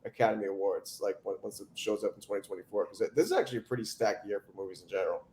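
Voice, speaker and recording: A man's voice: on the low side, lively intonation, racing, darkish tone. Rambling man in an echoey room. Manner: rambling, many fillers. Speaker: podcast host. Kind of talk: casual chat.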